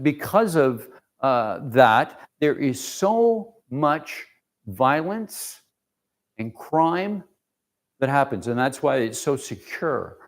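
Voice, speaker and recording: A man giving an informal, emotional mission report to a church congregation, rambling with fillers and restarts. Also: on the high side. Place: church sanctuary.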